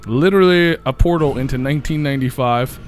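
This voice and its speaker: A man's voice: mid-range voice, quick pace, soft background music. A man hosting a podcast, telling a night-out story in a laid-back, casual way, swearing often and laughing along. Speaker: podcast host.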